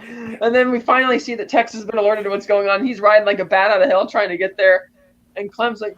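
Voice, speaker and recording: A man's voice: high-pitched, steady tone, fast talker, a bit bright, lo-fi sound. A man co-hosting a podcast, animatedly retelling a movie scene and acting out the characters' lines. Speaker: podcast co-host. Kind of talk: casual film recap.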